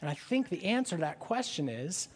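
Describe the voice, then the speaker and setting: A man's voice: high-pitched, big pitch swings, brisk, husky. A man preaching a sermon in a conversational style, often asking his listeners questions. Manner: conversational, asks the audience questions. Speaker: pastor.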